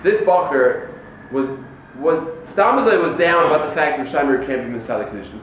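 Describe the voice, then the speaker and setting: Fast-talking, animated rabbi in an echoey hall. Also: male voice, on the high side. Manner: animated storyteller acting out quoted people. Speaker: yeshiva rabbi giving a talk to students. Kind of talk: lively sermon with told stories. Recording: echoey room, mic far off, faint noise.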